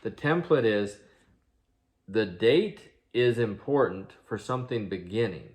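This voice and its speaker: A man's voice: lowish voice, lively intonation, unhurried, a little mellow. A man, a father of a grown son, giving an earnest commentary monologue full of rhetorical questions and restarts. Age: adult, father of an eighteen-year-old. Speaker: video commentator.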